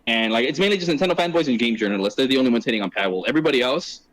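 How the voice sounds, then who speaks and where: Fast, lively, profane podcast host. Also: male voice, medium pitch, no echo, rough recording. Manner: animated, profane, slangy, quick tangents. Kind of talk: casual chat.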